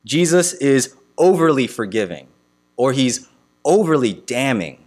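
Man, pastor, sermon, earnest rhetorical questions, mid pitch, faint mains hum. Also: very animated, a little mellow. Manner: earnest preaching with rhetorical questions and emphatic pauses.

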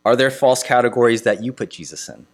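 A man preaching a sermon to his congregation, asking earnest rhetorical questions with emphatic pauses. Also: medium pitch, expressive. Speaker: pastor.

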